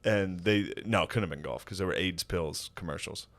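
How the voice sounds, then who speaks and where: A man's voice: low voice, fairly quick, fairly bright tone. A man in his thirties chatting on a podcast, telling stories about his dad with lots of laughter and mimicked voices. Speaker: comedian co-host. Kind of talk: casual podcast chat.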